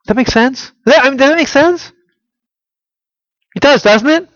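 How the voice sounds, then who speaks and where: A man preaching a sermon. He keeps asking the listeners rhetorical questions and swings between loud emphasis and quiet, intimate prayer-like tones. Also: extremely high pitch, normal speed, long pauses, no echo, muffled recording. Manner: asks the audience rhetorical questions. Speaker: pastor.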